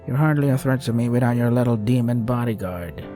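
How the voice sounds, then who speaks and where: A man's voice: medium pitch, a little fast, music in the background, lightly acted. A man reading as a smug, cruel sorceress. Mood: taunting.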